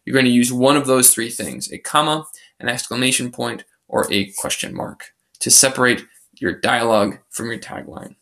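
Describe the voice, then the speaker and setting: A male teacher talks through a grammar lesson in a screencast, recorded on a computer microphone. His voice is bright and forward, set at an ordinary middle pitch. He explains patiently, restating each rule as he goes. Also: steady tone, normal speed, creaky. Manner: patient, explanatory, recapping rules step by step.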